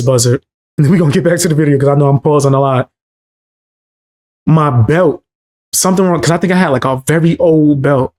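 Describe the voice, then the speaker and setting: A man's voice: on the high side, a little mellow. Profane Bronx man telling stories. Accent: New York (Bronx). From the Bronx, New York. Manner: loose, profane storytelling with street slang. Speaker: live streamer. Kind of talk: casual chat.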